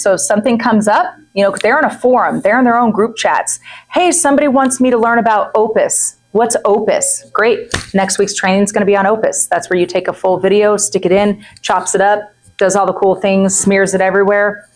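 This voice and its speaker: A woman's voice: medium pitch, fairly even intonation, fairly quick, poor audio. A woman in her forties giving a chatty masterclass talk to a group, often checking in with "right?" and "okay?" and acting out quoted people. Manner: frequent "right?" and "okay?" asides. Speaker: real estate coach.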